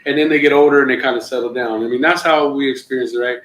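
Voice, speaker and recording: A middle-aged man, a comedian, telling stories in loose, profane, animated fashion during a casual podcast chat. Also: medium pitch, rapid-fire, echoey room, rough recording. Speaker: comedian guest.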